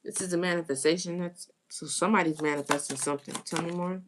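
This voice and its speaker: A woman giving a live tarot reading, animated, with exclamations and phrases repeated for emphasis. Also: fairly low pitch, quick pace. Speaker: tarot reader.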